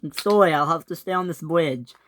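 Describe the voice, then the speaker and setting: A woman voicing a fretful female toy tank engine in a squeaky, tearful voice. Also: a little fast, slight background noise, lightly acted. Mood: upset.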